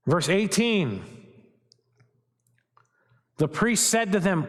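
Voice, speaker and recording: A male pastor preaching with a high, bright voice, emphatic and quick to toss rhetorical questions at his listeners. He is recorded in a church sanctuary, and a long hall reverb follows his words. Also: lively intonation. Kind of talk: sermon.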